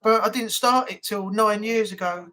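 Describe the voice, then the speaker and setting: A woman's voice: medium pitch, normal speed, fairly bright tone. Chatty woman hosting a live stream. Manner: rambling, chatty, many ums. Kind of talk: casual live chat.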